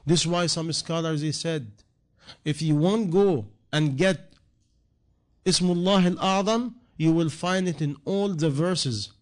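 A man's voice: on the high side, unhurried. Earnest preaching man. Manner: earnest, repetitive rhetorical questions, non-native grammar. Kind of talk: sermon.

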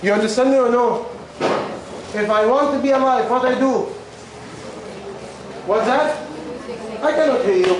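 A man's voice: very high voice, fairly even intonation, measured pace, pauses often, crowd noise. A man teaching a class in simple, broken English, repeating questions to his students while losing his voice. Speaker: religious teacher. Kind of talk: question-and-answer class talk. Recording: very echoey room, far from the mic, ambient noise.

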